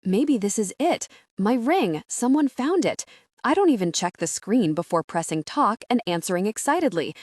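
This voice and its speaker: Woman, first-person audiobook narration, expressive and wry, lively pitch, dry studio sound. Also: normal speed, dry recording. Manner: expressive, wry, animated storytelling.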